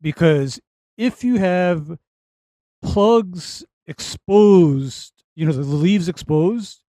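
Slow, mellow-voiced male co-host. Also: sits high, dry recording. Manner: laid-back, explains step by step with fillers. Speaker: co-host answering lawn care calls. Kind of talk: casual call-in show talk.

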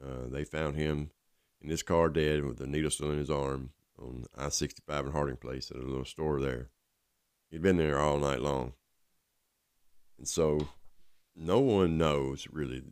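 A man's voice: a bass voice, steady tone, unhurried, darkish tone, smooth, no room sound, studio quality. A man telling his own story in a rambling, casual way, full of fillers. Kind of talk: personal storytelling.

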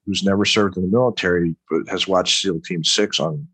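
Low-pitched, steady, slightly rough and fairly bright, the voice of this military veteran and author from Long Island, New York comes across a little fast with no room sound. As an interview guest he goes on at length, emphatic and rambling, peppering his talk with "right?"

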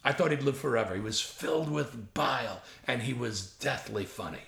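Gravelly older man telling stories. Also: mid-range voice, moderate pace, echoey room. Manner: lively storyteller who imitates others and swears freely. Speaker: comedy writer guest. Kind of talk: casual anecdote telling.

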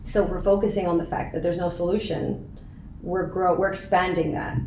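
Speaking a little fast with fairly even intonation, this woman has a fairly low, darkish voice. She's in her thirties and shares her story as a podcast guest, earnest and emotional, with occasional laughter, in a relaxed interview. Faint noise and room echo are audible.

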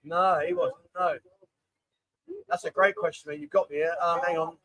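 High-voiced man hosting a chat stream. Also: fairly even intonation, normal speed, pauses often, fairly bright tone, dry recording, rough recording. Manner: chatty, reads viewer questions aloud. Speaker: host of a live bar stream. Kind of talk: casual live-stream chat.

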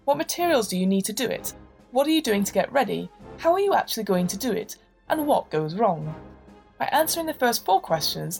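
A woman narrates a tabletop game session in an even, measured manner. Her voice sits at a middle pitch, and she lays out each rule clearly and step by step. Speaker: game master.

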